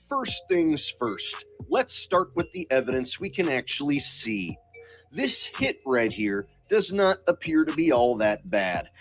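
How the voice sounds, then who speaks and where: A man talking in a sarcastic, insistent way, delivering commentary for his video channel. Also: fairly high pitch. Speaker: online commentator.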